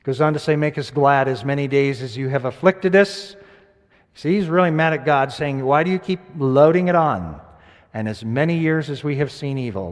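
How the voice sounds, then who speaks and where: A male pastor preaching a sermon, moving between loud, emphatic scripture reading and hushed, quiet reflection. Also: medium pitch. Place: church sanctuary. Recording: church sanctuary with long reverb.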